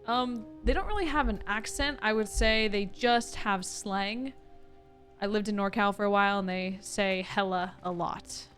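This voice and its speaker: A woman with a Californian Valley Girl accent, chatting casually with her viewers while playing a game. She says "like" a lot, with upward inflection and a touch of vocal fry. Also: medium pitch, unhurried, fairly bright tone, soft background music. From California, USA. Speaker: gaming streamer. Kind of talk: casual let's-play chat with viewers.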